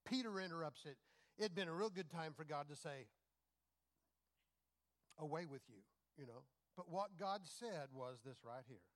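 A middle-aged male pastor preaching in a conversational way, firing rhetorical questions at the congregation and swinging between loud emphatic bursts and quiet asides. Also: on the high side, animated, moderate pace, pauses often. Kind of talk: sermon.

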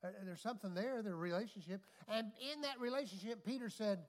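Man preaching a sermon, higher voice. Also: expressive, brisk. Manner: preaching with call-and-response asides and repeated phrases. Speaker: pastor. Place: church.

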